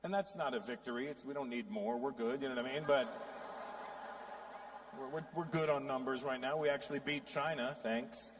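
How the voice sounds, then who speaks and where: A man in his fifties performing a stand-up comedy routine, profane and animated, slipping into voices for quotes. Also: medium pitch, fairly quick. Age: 50s. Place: large live venue with audience. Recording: long hall reverb from a stage.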